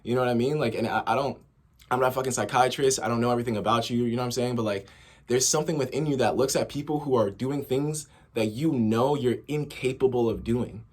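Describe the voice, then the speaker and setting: A man's voice: mid-range voice, quick pace, a little mellow. A young man in a casual vlog monologue, rambling with many fillers and restarts. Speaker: vlogger.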